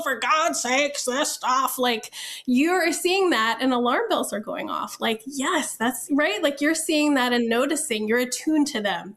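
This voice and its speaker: A woman speaking frankly and emphatically as a guest on a casual podcast about parenting. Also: fairly high pitch.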